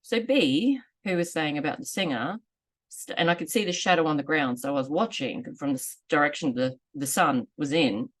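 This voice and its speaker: Woman in her 40s, pretty low voice, telling her own story straight to camera, earnest and candid. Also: moderate pace. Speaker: vlogger sharing lived experience. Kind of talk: personal storytelling monologue.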